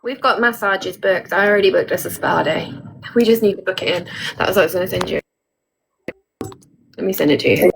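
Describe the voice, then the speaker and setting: A woman's voice: lowish voice, fairly quick, vocal fry, pauses often, slight background noise, poor audio. A woman, chatting on a phone livestream as a reassuring, frank and supportive friend. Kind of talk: casual chat.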